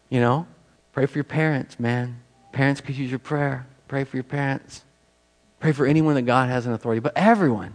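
A man preaching a sermon as pastor, talking in a conversational, self-deprecating way with many rhetorical questions. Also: medium pitch.

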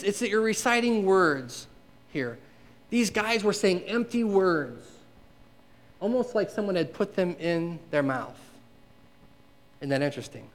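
A man preaching a conversational sermon to a congregation, asking them questions and acting out the quotes he reads. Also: high-pitched. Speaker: pastor.

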